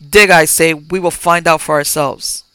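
A man's voice: on the high side, steady tone, a little slow, bright, forceful tone, clear, resonant tone, no echo. A man voicing an anxious, insistent police chief who presses with urgent questions. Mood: commanding.

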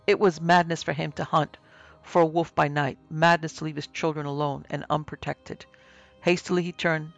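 A man narrating a horror story in a steady, even reading pace. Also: on the high side, vocal fry, lo-fi sound.

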